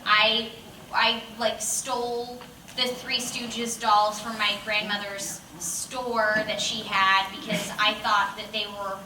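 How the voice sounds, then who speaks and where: A woman's voice: medium pitch, flat delivery, slow pace. Woman telling a funny story in an echoey room. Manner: bubbly, self-mocking storytelling with laughs and quoted voices. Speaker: voice actor. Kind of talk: casual anecdote telling. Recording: roomy, distant mic with clear room noise.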